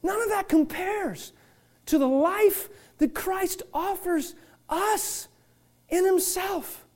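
Middle-aged male pastor, high-pitched, preaches with fire and shouts, stammers over restarts. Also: slow. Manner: impassioned, repeatedly shouting; stammering restarts, self-deprecating humor. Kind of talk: sermon. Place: church, before a congregation.

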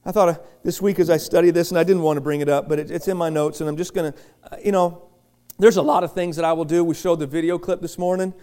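A middle-aged male pastor preaching a sermon, chatty and joking, swinging from quiet asides to loud shouted bursts. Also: a little high, steady tone, fast talker, clear, resonant tone. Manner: chatty, joking storyteller with many restarts.

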